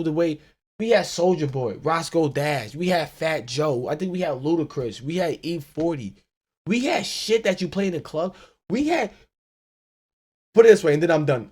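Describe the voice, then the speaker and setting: A man hosting a solo podcast, ranting in an animated, profane way and laughing often. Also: fairly high pitch. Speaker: podcast host.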